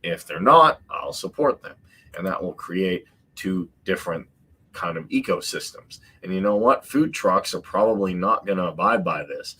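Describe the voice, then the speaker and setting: Deep-voiced man ranting on a podcast. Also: expressive, moderate pace, bright, forceful tone, slightly rough. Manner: emphatic, repeats points, mocking asides. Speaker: podcast host. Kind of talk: opinionated podcast commentary.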